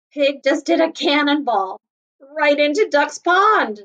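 A woman kindergarten teacher reading a picture book aloud to children, gently stopping to explain words. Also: sits high, lively intonation, slow pace, muffled recording.

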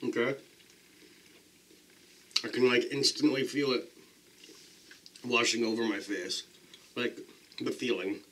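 A man's voice: mid-range voice, takes it slowly, long pauses, a bit bright. A man casually talking to the camera as a pepper-eating vlogger, chatty and self-deprecating, describing the burn as it builds.

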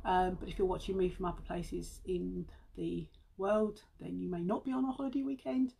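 A woman's voice: lowish voice, fairly even intonation, moderate pace, creaky, warm tone, a little hiss or hum. A British woman on a casual beauty live stream, chatty and a little out of breath, calling her viewers guys and humming to herself as she works. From United Kingdom. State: slightly out of breath. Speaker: beauty seller livestreaming.

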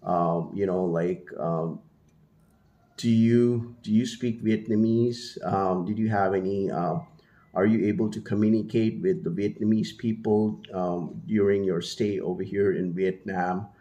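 A man with a low, deep voice chats casually to his camera. He rambles, stopping to restart his sentences and filling gaps with "you know" and "um". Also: steady tone, unhurried, mellow. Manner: rambling, many fillers and restarts. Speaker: travel vlogger. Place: living in Vietnam.

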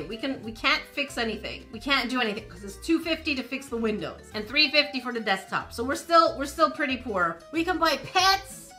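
A woman's voice: on the high side, pushed and bright. A woman gaming streamer giving casual let's-play commentary, playfully reading game text aloud and reacting to it.

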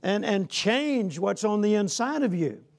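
High-pitched, gravelly male preacher. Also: lively intonation, a little slow. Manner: conversational, folksy, peppered with "you know"; calls for "Amen?" from the congregation. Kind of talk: sermon.

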